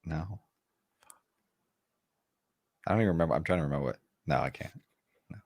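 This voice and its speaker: A man's voice: very deep voice, a little fast, vocal fry, no echo, studio quality. A man co-hosting a wrestling podcast, laid-back and agreeable, laughing often. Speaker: podcast co-host. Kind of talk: casual wrestling chat.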